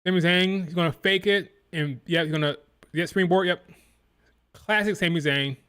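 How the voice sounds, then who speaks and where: A man's voice: sits high, normal speed, a bit bright, smooth. Chatty man mimicking crowd chants. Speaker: live stream reaction host. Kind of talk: casual wrestling watch-along commentary.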